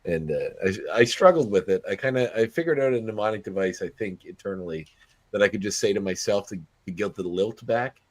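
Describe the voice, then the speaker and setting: A man hosting a podcast interview, chatting casually and halting often with restarts. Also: fairly low pitch, animated. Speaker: podcast host.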